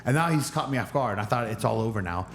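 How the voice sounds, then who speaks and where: Male podcast guest, animated storytelling, acts out other voices, medium pitch, faint background noise. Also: fast talker. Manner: acts out other people's lines with raised pitch.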